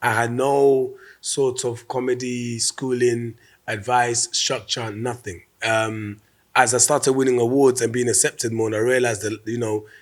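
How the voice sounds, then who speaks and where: A man, a comedian being interviewed, talking in a relaxed, reflective way and restarting words mid-thought. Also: medium pitch, measured pace. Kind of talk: casual interview.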